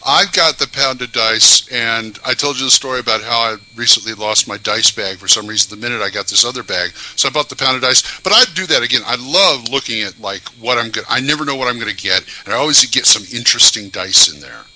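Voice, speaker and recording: A man's voice: medium pitch, brisk, few pauses, poor audio. A man co-hosting a casual tabletop gaming podcast, telling anecdotes in a chatty way. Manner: storytelling, animated when quoting. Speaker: podcast co-host. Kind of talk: casual chat.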